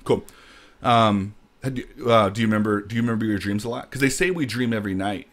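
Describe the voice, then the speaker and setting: A man hosting a casual podcast, telling a story in a rambling, animated way. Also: fairly low pitch, fast talker. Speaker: podcast host. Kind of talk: casual chat.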